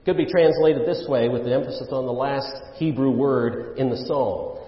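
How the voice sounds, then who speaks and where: A man preaching a sermon in a relaxed, conversational way, with fillers and asides, rising for emphasis on key phrases. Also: mid-range voice, unhurried. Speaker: pastor. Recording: roomy hall reverb, dull lo-fi sound.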